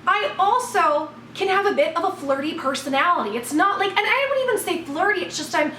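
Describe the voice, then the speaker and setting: A woman vlogger telling a personal story in a blunt, expressive way, swearing freely. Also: very high voice, fairly quick, far from the mic. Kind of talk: casual storytelling to camera. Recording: roomy echo, voice from off the mic, faint room noise.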